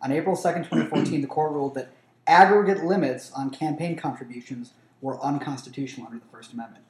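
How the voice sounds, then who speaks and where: A man on a casual podcast who talks fast, laughs easily and stumbles over his words. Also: fairly high pitch, roomy sound, rough recording. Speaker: podcast co-host.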